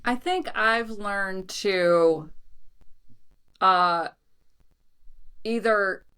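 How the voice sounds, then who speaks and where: Podcast cohost lady, bright clear voice, blunt and chatty, cusses a bit. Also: mid-range voice, very slow. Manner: candid, swears casually, reads out traits. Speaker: podcast co-host. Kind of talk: casual chat.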